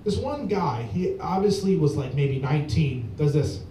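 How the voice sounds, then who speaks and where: A man's voice: very animated, normal speed, dark tone. A man doing stand-up at an open mic, telling a long rambling story with lots of fillers. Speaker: stand-up comedian. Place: small bar at open mic. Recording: echoey bar from far off with faint rumble.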